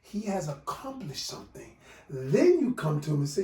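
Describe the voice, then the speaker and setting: Animated man coaching, roomy echo. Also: on the high side, moderate pace, far from the mic. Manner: animated, preachy, addresses viewers as y'all. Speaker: relationship coach. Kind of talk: video course lesson.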